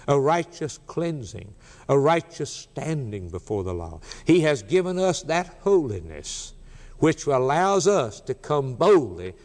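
A man preaching a sermon with emphatic, repetitive cadence, building phrase upon phrase. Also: medium pitch. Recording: long hall reverb.

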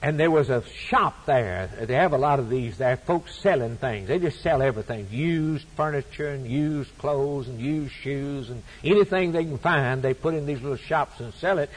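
A man preaches from the pulpit in a husky voice with a mid-range pitch. He repeats phrases in an emphatic preaching cadence. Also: animated, normal speed, hardly any pauses, poor audio. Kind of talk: sermon.

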